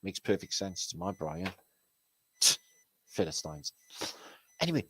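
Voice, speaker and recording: A man from Britain with a lowish voice, giving casual commentary over a run of pictures. He rambles in a sarcastic, profane way. The recording is dry and close. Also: sing-song, measured pace, long pauses, fairly bright tone, breathy edge, dry recording, rough recording. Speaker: host.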